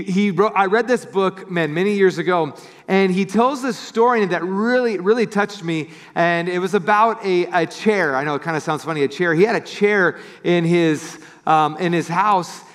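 Male pastor, sermon, high voice, storytelling, acts out quoted people, long reverb. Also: a bit bright. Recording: church hall with long reverb.

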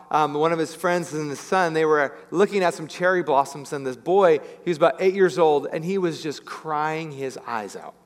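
Guy preaching a sermon, kinda high voice, big church echo, gets lively with the stories. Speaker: pastor. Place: church sanctuary.

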